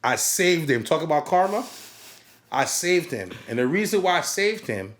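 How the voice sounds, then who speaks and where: A man's voice: on the high side, sing-song, moderate pace, fairly bright tone. A man who works as a DJ, telling a story in casual podcast chat and acting out quotes and crowd hype.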